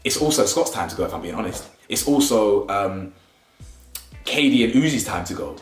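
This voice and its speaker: A young man, giving a slangy, animated casual review of a reality show and laughing often. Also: fairly low pitch, normal speed. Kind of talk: casual commentary. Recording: roomy echo, faint music.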